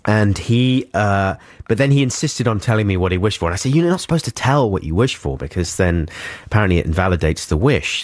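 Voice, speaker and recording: A man co-hosting a radio show, chatting casually into a studio mic. His voice sits fairly low but moves in a lively way, full of playful asides. The sound is dry and close. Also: no room sound. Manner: rambling, self-mocking storytelling with playful impressions. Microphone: studio microphone.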